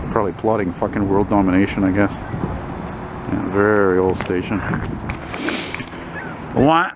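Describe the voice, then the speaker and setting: A man with a lowish voice films a walking vlog on a city street with a handheld camera, and the background is noisy. He rambles and swears, throwing in wry asides.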